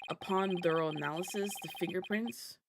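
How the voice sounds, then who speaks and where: A woman voicing a cool, smug male prosecutor who speaks in a measured, accusing way, over game music. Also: fairly low pitch, heavy background noise, natural voice.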